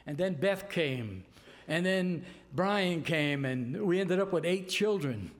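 An older man from New York tells a personal story in a casual, animated way, acting out the voices of the people in it. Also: a little high, slow pace. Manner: animated, repeats "I said" and acts out voices in his story. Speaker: storyteller giving a testimony.

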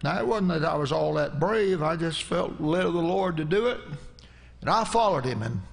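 A middle-aged preacher, telling a folksy, rambling story in a sermon. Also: male voice, fairly high pitch, lively intonation, moderate pace, gravelly.

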